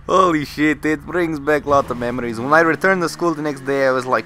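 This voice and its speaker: A man's voice: a little high, brisk, hardly any pauses, a little hiss or hum. A man vlogger telling a comic, profane story to camera, acting out the other people's lines. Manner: animated, profane, acts out quotes.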